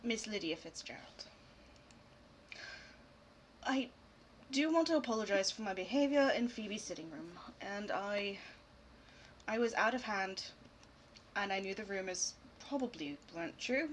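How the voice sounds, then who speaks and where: A hoarse woman voicing a proud young regency lady who reads a stiff, formal apology letter. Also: medium pitch, lively intonation, measured pace, long pauses, slight background noise, natural voice, poor audio. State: hoarse, voice going out.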